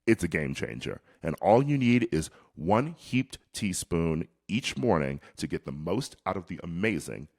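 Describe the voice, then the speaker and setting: A podcast host putting on an exaggerated mock New Zealand accent while reading an ad. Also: male voice, low voice, animated, moderate pace, hardly any pauses, slightly rough, exaggerated voice. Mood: hammy.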